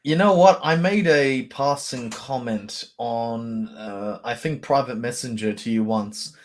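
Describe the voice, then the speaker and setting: A man on a stream as a guest, speaking very slowly and laying out his points at a relaxed pace. His pitch is middling, and his humor is dry. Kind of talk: casual live-stream chat.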